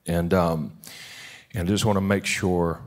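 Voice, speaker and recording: A man's voice: sits low, fairly even intonation, unhurried. A man pastoring a church service, talking in an informal, heartfelt way with many restarts, then praying. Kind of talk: sermon and prayer. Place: church sanctuary.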